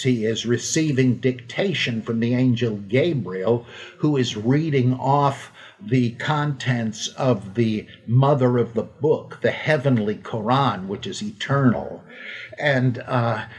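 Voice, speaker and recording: A man hosting a podcast, talking off the cuff in a slow, rambling way, full of fillers and restarts, now and then acting out quoted lines in playful voices. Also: mid-range voice, slightly rough. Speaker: podcast host answering listener questions. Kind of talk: unscripted monologue.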